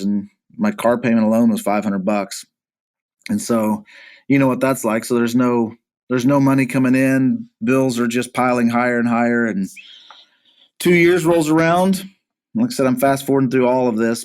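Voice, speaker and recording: A pastor being interviewed, earnestly recounting a hard personal story, often halting and repeating words as he goes. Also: medium pitch, darkish tone. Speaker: pastor, podcast guest.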